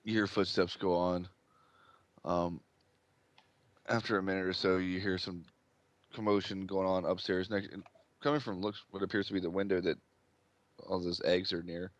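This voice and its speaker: Man, game master, casual narration, low pitch, dry recording. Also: steady tone, moderate pace, long pauses, dry recording. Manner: loose, casual narration with fillers.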